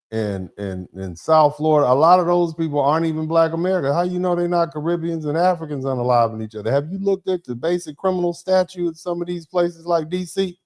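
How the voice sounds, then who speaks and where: A man's voice: on the high side, darkish tone. A middle-aged man hosting a commentary show, talking bluntly and heatedly with many rhetorical questions. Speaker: show host. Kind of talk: casual commentary.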